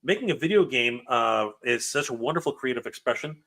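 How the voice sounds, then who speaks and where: A man's voice: medium pitch, lively intonation, brisk, a bit bright. Man, livestream host, stammering, emotional, reading comments, casual chat. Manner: stammering, tripping over his words.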